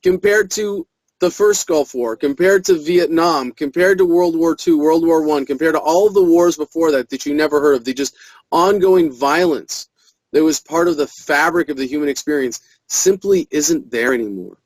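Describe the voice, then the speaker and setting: A man's voice: on the high side, moderate pace, dry recording, poor audio. A man giving an interview as a political activist, talking earnestly and speeding up when he presses a point.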